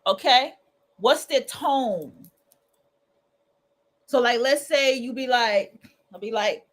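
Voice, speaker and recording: Woman, livestream host, colloquial, animated, fairly high pitch. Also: takes it slowly, pauses often. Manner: colloquial, animated, acts out quoted voices. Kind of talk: casual freestyle monologue.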